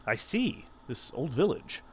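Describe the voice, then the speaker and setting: Brief: kindly old bug merchant from a video game, gentle and grateful, read by a man doing the voice. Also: medium pitch, very animated, measured pace, a little hiss or hum. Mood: friendly. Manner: kindly, polite, folksy. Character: friendly old bug shopkeeper, male, gentle.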